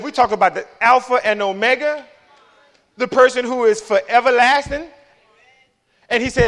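A man preaching a passionate sermon, swinging from low murmurs to loud emphatic declarations. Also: big pitch swings, unhurried, creaky.

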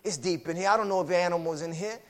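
A male preacher voicing a frightened young man begging to be pulled out of a dark pit, in a whiny, pleading tone. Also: high-pitched, fast.

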